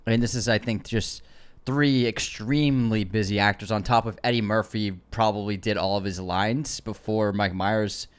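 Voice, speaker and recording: A man's voice: lowish voice, steady tone, normal speed, clear, resonant tone. A man co-hosting a movie podcast, chatting at length and arguing his point with his co-host. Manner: talkative, defensive in friendly argument. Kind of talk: casual movie podcast chat.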